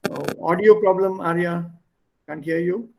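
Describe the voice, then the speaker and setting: A man teaches an online language class over a video call. His voice sits a little high and he speaks slowly, going through the words one by one and moving between languages as he explains. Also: gravelly, noisy background. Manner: slow, explains word by word, switches between languages.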